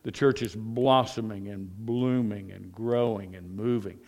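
A man's voice: on the low side, fairly even intonation, a little slow, a little mellow. A male pastor preaching a sermon in a conversational way, often asking the congregation rhetorical questions.

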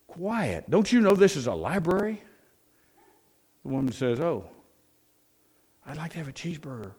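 Male pastor, sermon, folksy, rhetorical questions, mid-pitched voice. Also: rough recording.

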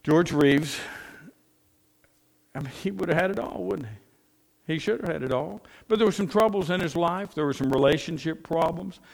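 A man's voice: fairly high pitch, normal speed, gravelly, long pauses. A man preaching a sermon, telling stories earnestly, with his emphasis rising and then dropping.

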